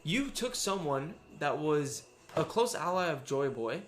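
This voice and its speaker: Chatty, animated young-sounding man. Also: a little high, unhurried. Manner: animated, filler-heavy, acts out quotes. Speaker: stream host. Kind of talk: casual chat about a manga chapter.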